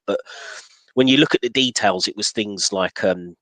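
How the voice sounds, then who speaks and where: A man's voice: low-pitched, normal speed, bright, forceful tone, no room sound, poor audio. A man hosting a casual discussion, talking in a hesitant way with many restarts and fillers.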